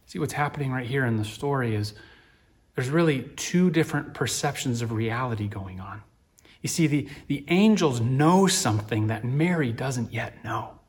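Male pastor, mid-range voice, gentle sermon delivery with earnest peaks. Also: mid-range voice, expressive, moderate pace. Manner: gentle, reflective, builds to earnest emphasis.

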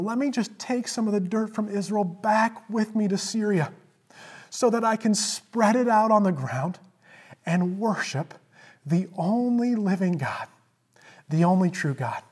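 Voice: mid-range voice, animated, a little slow, a little mellow, husky. A preacher voicing a proud, indignant army commander. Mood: humble. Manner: indignant, demanding. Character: proud angry foreign army commander, man.

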